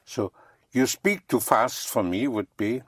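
A language teacher talking slowly and patiently, with a slightly husky voice. Words get spelled out letter by letter. The sound is dry and close. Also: medium pitch, no room sound. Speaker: French teacher. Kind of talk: slow one-on-one language lesson.

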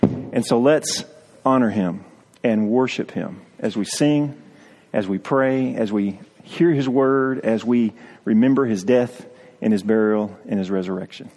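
A man's voice: fairly low pitch, unhurried, a little mellow, big-room sound. A male pastor preaching a sermon in an earnest way, often repeating words as he goes.

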